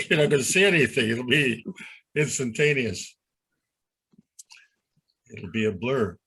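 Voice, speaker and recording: A man's voice: mid-range voice, expressive, a little slow, bright, forceful tone, husky, poor audio. A man joining a casual conversation with joking asides.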